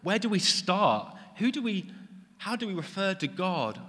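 A man's voice: high voice, very animated, measured pace, fairly bright tone, pitched above the performer's own voice, full character voice. A man playing an earnest, puzzled disciple asking how to pray, voice lifted a little and eager. The line carries the long reverb of a big hall. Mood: wondering. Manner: earnest, questioning, slightly raised voice.

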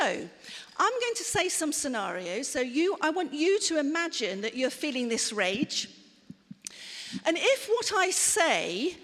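A woman's voice: sits high, a bit bright, long reverb tail. A woman preaching an interactive sermon, expressively acting out angry and soothing replies for her listeners.

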